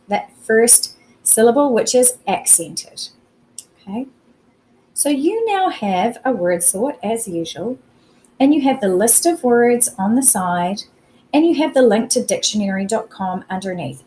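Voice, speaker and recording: A woman's voice: medium pitch, a little mellow, poor audio. Woman teacher doing a spelling lesson, patient, goes word by word, bit of faint noise behind. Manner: patient, explains words slowly with examples. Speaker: primary school teacher.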